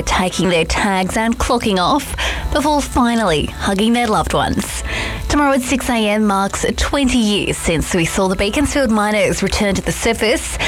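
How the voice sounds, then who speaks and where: A woman presenting a scripted radio feature as host, in a measured, composed delivery. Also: mid-range voice.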